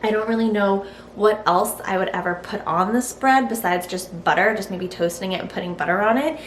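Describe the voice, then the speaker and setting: This cooking vlogger, testing a recipe at home, keeps up a candid, chatty stream of thoughts while she works. She has a mid-range voice and talks slightly fast. There's a faint hiss and an echoey kitchen sound to the recording.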